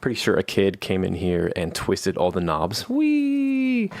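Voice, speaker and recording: A man hosts a casual live stream from his home studio while fighting a cold. His voice sits a little low, and he talks in a rambling, self-deprecating way. The vocal mic gives a dry, close sound with no room echo. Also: steady tone, normal speed, gravelly. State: has a cold. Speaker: live stream host and composer. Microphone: studio vocal mic through a manual analog mixer.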